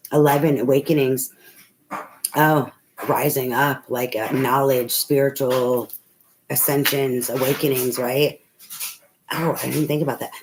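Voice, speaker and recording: A woman giving a casual spoken tarot reading, rambling, swearing freely and laughing often. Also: extremely low pitch. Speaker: tarot reader. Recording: noisy home recording.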